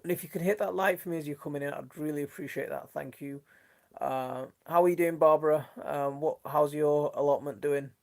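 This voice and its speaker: A man's voice: on the high side, fairly even intonation, brisk, creaky, a little mellow. A man with a mixed Leeds and Sheffield accent hosts a casual gardening live stream on his phone from his kitchen. He chats in a friendly way, reads out viewer comments and trails off into restarts. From Northern England. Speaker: gardening channel host.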